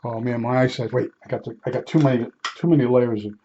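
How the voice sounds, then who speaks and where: Speaking fast in a steady, warm, medium-pitched voice, this older Newark, New Jersey vlogger casually recalls his job as a meter calibrator. His stories ramble, full of restarts, bluntness and salty remarks, and the muffled recording carries a little hiss or hum.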